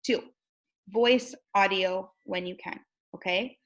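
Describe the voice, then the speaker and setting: A woman's voice: mid-range voice, takes it slowly, fairly bright tone, rough recording. A young woman coaching on recruiting in a bubbly, chatty way, acting out sample messages and checking in with "right?" as she goes. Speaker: network marketing recruiter and trainer. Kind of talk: casual coaching talk.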